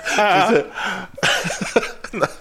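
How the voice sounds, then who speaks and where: A man's voice: sits high, extremely slow, pushed and bright, a little hiss or hum. A man co-hosting a podcast, telling sheepish stories about himself with lots of laughter. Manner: sheepish, laughing, self-mocking. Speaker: podcast co-host. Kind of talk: casual banter.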